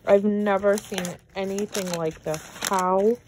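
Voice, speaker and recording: Gushing woman vlogger, slow and emotional. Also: mid-range voice, fairly even intonation, background noise. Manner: gushing and effusive, easily moved to tears. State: tearful. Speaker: vlogger opening fan mail. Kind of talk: casual unboxing chat.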